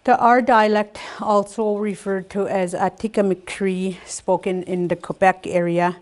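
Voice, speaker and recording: An older woman teaching a language lesson, speaking slowly and carefully, saying each word twice before she explains it. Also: mid-range voice, little pitch movement, darkish tone. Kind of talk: slow spoken language lesson.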